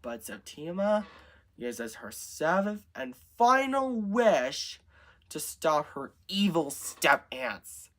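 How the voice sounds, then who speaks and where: A man improvising a story out loud, narrating in a halting way with restarts. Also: a little high, very animated.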